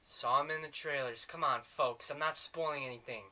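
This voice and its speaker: A man's voice: medium pitch, fairly even intonation, moderate pace, bright, forceful tone. A man giving a sarcastic, rambling comedic movie review.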